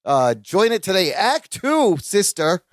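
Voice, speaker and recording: A man's voice: high-pitched, big pitch swings, unhurried, no room sound. A man co-hosting a sitcom rewatch podcast, recapping scenes with enthusiasm and laughing often. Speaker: podcast co-host. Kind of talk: casual podcast recap chat.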